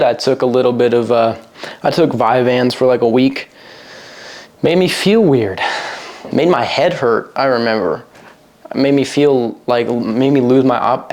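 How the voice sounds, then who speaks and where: Young male vlogger, mid-pitched voice, profane, jokey, wanders off topic. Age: young adult. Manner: crude, joking, rambling, mimics others in a high voice. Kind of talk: casual monologue to camera. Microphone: single mic, a cappella opener.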